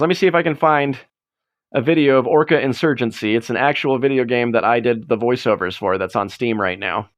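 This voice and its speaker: A man's voice: fairly high pitch, a bit bright. Rambling, self-mocking male streamer. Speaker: livestream host. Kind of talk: casual livestream chat. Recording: dull lo-fi stream audio.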